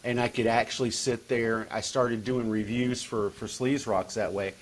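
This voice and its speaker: A man's voice: mid-range voice, flat delivery, moderate pace, a little hiss or hum. Guy rambling on a podcast, lots of restarts, ordinary mid voice. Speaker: guest author. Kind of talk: casual podcast chat.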